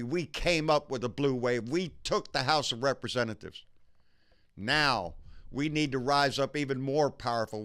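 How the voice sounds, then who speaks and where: Bright, clear-voiced Texan man ranting. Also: medium pitch. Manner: profane, fired-up, repeats "baby". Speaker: political commentary host. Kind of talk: casual political rant.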